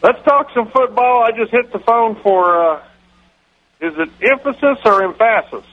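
A man's voice: extremely high pitch, narrow, tinny audio. A man doing a dopey, rambling football coach. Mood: goofy. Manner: slow, dopey, rambling drawl. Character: dim, rambling middle-aged male football coach. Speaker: impression on a radio comedy bit.

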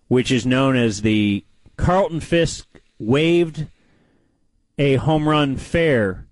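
Guy on a sports podcast, lively up-and-down voice, dry mic. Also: no echo, rough recording. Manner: animated storyteller, lively pitch. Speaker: co-host. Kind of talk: casual sports chat.

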